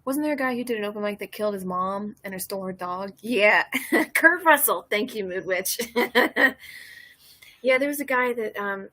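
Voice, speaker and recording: Breathy woman, thirties, loose chatty livestream host, giggly storyteller. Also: medium pitch, lively intonation, moderate pace, bright, forceful tone. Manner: rambling, laughing storyteller reading chat. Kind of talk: casual drinking livestream chat.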